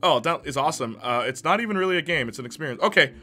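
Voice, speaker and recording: A man's voice: fairly high pitch, lively intonation, very fast, bright, forceful tone, faint music behind. A young man from Canada, a streamer chatting casually with his viewers, loose and joking, laughing often. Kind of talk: casual chat, reading live chat.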